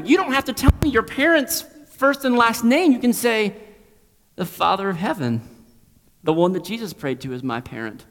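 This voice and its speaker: A man preaching a sermon as pastor, swinging from loud emphasis to hushed near-whispers and repeating phrases for emphasis. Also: sits high, lively intonation, moderate pace, long reverb tail.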